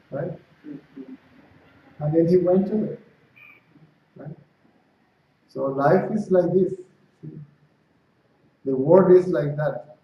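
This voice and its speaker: His voice sits on the high side with a dark tone, and he speaks at a moderate pace with frequent pauses. A spiritual teacher giving a satsang to a small group, he keeps a conversational feel, checks in with "right?" and "see?", and dramatizes dialogue in stories. Heard from afar in an echoey room, the audio is dull, lo-fi and faintly noisy.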